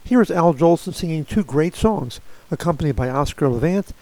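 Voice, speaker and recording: A man's voice: a little high, animated, mellow. A man reading a formal scripted podcast introduction. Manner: measured, formal read. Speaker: podcast announcer.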